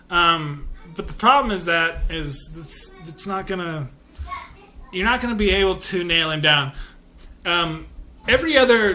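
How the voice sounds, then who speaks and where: Bright-voiced man rambling through political commentary. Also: on the high side. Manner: rambling, with many fillers and restarts. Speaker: podcast host.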